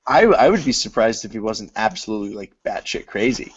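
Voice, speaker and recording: A man's voice: fairly low pitch, lively intonation, a little fast, breathy edge, dry recording. A man co-hosting a podcast, chatting casually and jokily about films, slipping into mock voices to quote scenes. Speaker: podcast co-host. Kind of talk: casual film discussion chat. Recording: dull lo-fi podcast audio.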